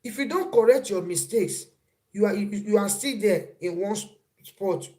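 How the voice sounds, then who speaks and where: A woman's voice: mid-range voice, lively intonation, moderate pace, mellow. Woman, live-stream host; casual, repetitive chat with frequent greetings to viewers. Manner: repeats phrases, greets viewers mid-talk.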